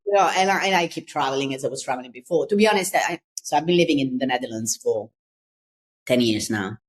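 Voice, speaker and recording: A woman from Italy, a design consultant talking in an interview, lively and quick to laugh. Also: extremely low pitch, slightly rough. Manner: lively, laughs often, repeats words when searching. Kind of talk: interview conversation.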